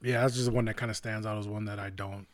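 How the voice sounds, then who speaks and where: A man's voice: level tone, quick pace. A man co-hosting a podcast, chatting casually, rambling and laughing often. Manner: laid-back, rambling, laughs often, quotes cartoon lines in a high put-on voice. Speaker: podcast co-host. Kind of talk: casual chat.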